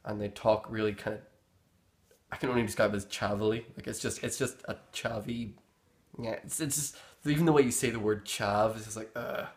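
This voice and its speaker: A man's voice: fairly low pitch, fairly even intonation, a little fast. A young man with a Northern Irish accent, explaining local slang in a rambling, easygoing way as he searches for words. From Northern Ireland. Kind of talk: casual explanation.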